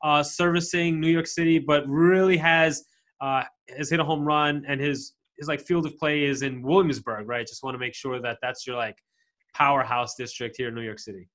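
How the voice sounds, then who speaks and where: A man's voice: on the high side, fairly even intonation, normal speed, fairly bright tone. A man hosting a podcast, chatty and upbeat, with frequent fillers and restarts. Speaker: podcast host. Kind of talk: casual podcast interview.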